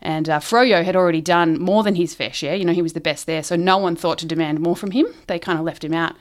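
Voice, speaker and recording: A woman's voice: fairly low pitch, fairly even intonation, fast talker. A woman casually telling a long shaggy dog joke, giggling often and rambling with ums and restarts. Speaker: joke teller.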